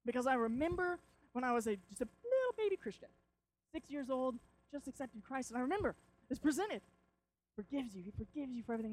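A young man preaching a sermon, telling stories with lively acted-out moments. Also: extremely high pitch. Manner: animated storytelling, acts out shouts and quotes.

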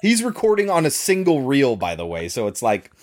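A man's voice: medium pitch, wildly swooping pitch, a little fast, very noisy. A man co-hosting a casual podcast chat, wryly breaking down a film's flaws and often laughing. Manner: wry, explanatory, laughs often. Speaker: podcast co-host. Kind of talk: casual chat reviewing a film.

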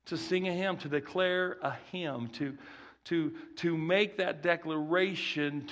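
A man's voice: fairly high pitch, vocal fry. A man with a Southern country accent preaching a sermon in a folksy way, repeating key phrases and restarting his sentences. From rural Texas. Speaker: guest preacher.

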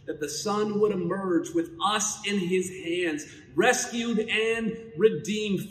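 A man preaching a sermon as pastor, emphatic, building louder and quicker at the high points. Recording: echoey hall with long reverb.

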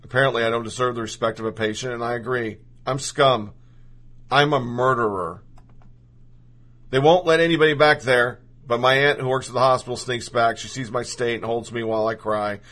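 A man's voice: medium pitch, steady tone, brisk, fairly bright tone. A man reading a personal story aloud in the first person, earnest and emotional.

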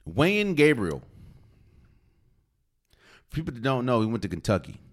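A man's voice: mid-range voice, wildly swooping pitch, normal speed. A man hosting a solo sports podcast, talking casually and opinionated, with slang and rhetorical questions. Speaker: podcast host.

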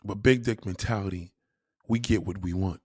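A man's voice: deep voice, fairly even intonation, moderate pace, a little mellow, husky, dry recording, studio quality. A young man hosting a livestream, ranting bluntly and profanely in casual talk, often restarting his sentences. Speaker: livestream host.

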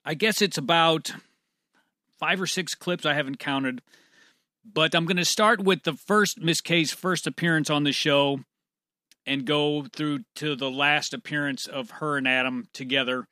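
A man's voice: a little high, a little slow, pushed and bright, dry recording, clean studio sound. A man casually introducing a set of clips in an offhand way. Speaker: clip presenter.

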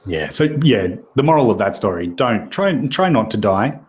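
A man's voice: on the low side, sing-song, moderate pace, slight background noise. Man trading crude jokes. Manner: crude joking banter. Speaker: podcast host. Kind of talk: casual podcast chat.

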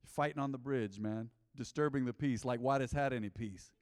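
A man preaching a sermon, telling a personal story with lively acted-out quotes and shifts between loud and quiet delivery. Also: medium pitch, moderate pace. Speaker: pastor. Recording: long hall reverb.

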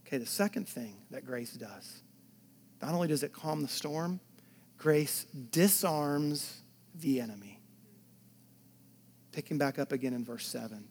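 A male pastor preaching a sermon, swinging from loud emphatic lines to hushed near-whispers, with chatty asides to the congregation. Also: mid-range voice, animated, a little slow, long pauses, slight background noise.

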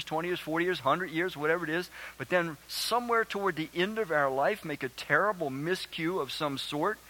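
The recording is rough, but the man's voice comes through a little high, bright and pushed. He is preaching, reading from scripture and earnestly questioning the congregation with real emphasis.

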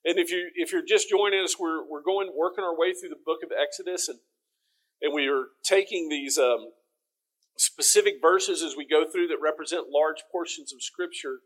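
A man's voice: fairly high pitch, moderate pace, a bit bright. A middle-aged man with a Texan accent, teaching a folksy, conversational sermon. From Texas.

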